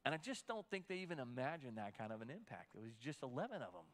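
A man's voice: mid-range voice, very animated, fast. A man preaching a sermon as pastor, conversational and given to repeating words as he restarts.

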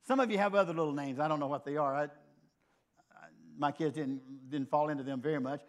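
A man's voice: fairly high pitch, fast. An older man preaching a sermon, telling a personal story in an earnest, conversational way.

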